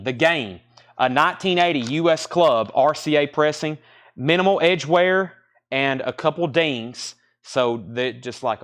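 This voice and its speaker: A mid-pitched man runs a live-streamed record sale. He moves briskly through the stock, naming each record, its condition and its price. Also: a bit bright.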